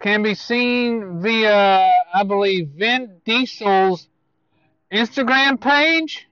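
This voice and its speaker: A man giving casual movie news to viewers, speaking in a halting way with self-corrections and asides. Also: high voice, a bit bright, clear, resonant tone, no echo, highs cut off.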